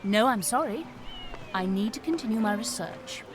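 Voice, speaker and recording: A woman's voice: mid-range voice, animated, normal speed, background noise, natural voice. A woman playing a breezy female mystery writer in disguise in a video game. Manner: breezy, chirpy upper-class exclamations. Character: posh female mystery writer posing as a flower seller. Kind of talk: game voice acting. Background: game music.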